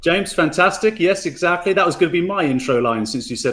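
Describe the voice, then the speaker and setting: A man's voice: on the high side, quick pace, a bit bright. Chatty British man co-hosting a podcast. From Britain. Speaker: podcast co-host. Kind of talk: casual chat.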